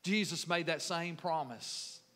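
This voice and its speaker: A man preaching a sermon, building emphasis and then dropping into soft, tender lines. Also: a little high, a little slow, in a large hall. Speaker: pastor.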